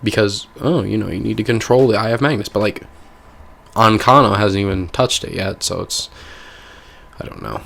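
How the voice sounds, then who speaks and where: A man with a somewhat low voice talks through a game in a loose, rambling way. He sounds exasperated and leans on fillers as he goes. It is relaxed, casual gameplay commentary. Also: normal speed, creaky. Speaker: gaming video creator.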